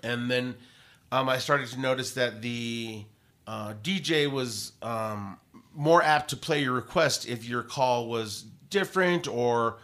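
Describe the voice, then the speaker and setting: A male radio host in a relaxed interview, talking with lively, rambling energy. He circles back, restarts his sentences and drops plenty of fillers along the way. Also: medium pitch, takes it slowly. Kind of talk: casual interview storytelling.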